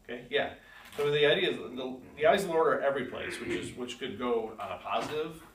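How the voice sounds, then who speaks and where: A man's voice: medium pitch, a little fast. A man teaching a church Bible class in a casual, conversational way, asking the class questions and reading verses aloud with emphasis. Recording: echoey room, far from the mic, faint hiss.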